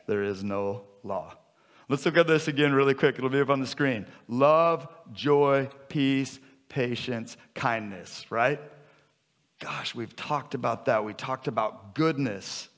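A man's voice: medium pitch, creaky. A man in his fifties preaching a sermon in a conversational, joking way that builds to emphatic repetition. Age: 50s. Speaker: pastor.

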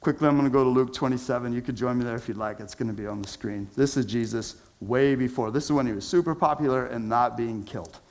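This male pastor's sermon sounds conversational and slangy, shifting between loud, emphatic bursts and soft, low murmurs. He talks fast and rarely pauses.

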